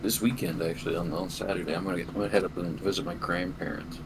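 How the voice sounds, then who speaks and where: A man's voice: sits low, fairly even intonation, quick pace. A young man co-hosting a podcast, telling a rambling anecdote in casual chat and swearing freely. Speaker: podcast co-host. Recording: noticeable background noise.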